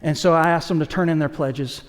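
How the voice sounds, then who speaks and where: Delivering a sermon in a large church sanctuary, a male lead pastor talks a little fast in a somewhat high voice, keeping things lively with jokes and asides for those present. Long reverb trails behind his words.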